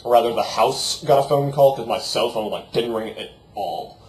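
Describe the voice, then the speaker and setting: A man's voice: medium pitch, normal speed, lightly acted. A man doing a goofy dim-witted young guy. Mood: ranting. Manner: slacker drawl, crude and profane. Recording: roomy echo, faint background noise.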